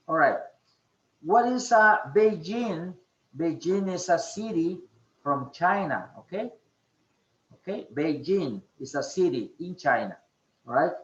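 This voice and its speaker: A male English teacher leads an online class, pausing often and checking in with "okay?". His voice sits a bit high and moves slowly. The call audio is echoey and muffled. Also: a bit bright. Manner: slow, repeats "okay?" often, hesitant fillers.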